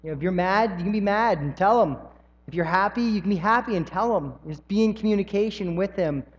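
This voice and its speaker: Young male preacher from the US South, high voice, folksy storytelling delivery, dull recording with long hall reverb. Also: a little fast. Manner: folksy, storytelling, frequent ums. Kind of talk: sermon.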